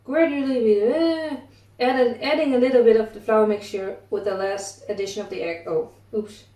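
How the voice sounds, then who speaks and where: A young woman, a cooking vlogger, chats casually while baking in her home kitchen, her voice a little high, mellow, and moderately paced. She rambles with self-deprecating asides and sounds slightly out of breath. The recording is echoey, with a distant mic and clattering dishes.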